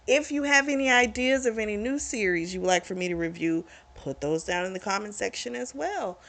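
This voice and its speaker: A woman's voice: mid-range voice, animated, brisk, fairly bright tone. A woman hosting her own book review channel, chatting casually through the plot with lots of "like" and "you know".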